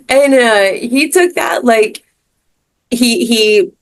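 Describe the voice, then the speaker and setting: A woman's voice: fairly high pitch, slow pace, dry recording. A woman co-hosting a podcast, telling a personal story in a casual, rambling way with lots of fillers and restarts. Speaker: podcast co-host. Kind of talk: casual chat.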